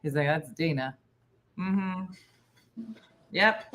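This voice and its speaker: A woman comedian hosting a casual baking chat in a home kitchen, telling stories with animated impressions of her friends. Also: normal speed, pauses often. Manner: animated, does loud shrill impressions of friends. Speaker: comedian and host. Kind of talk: casual storytelling while baking.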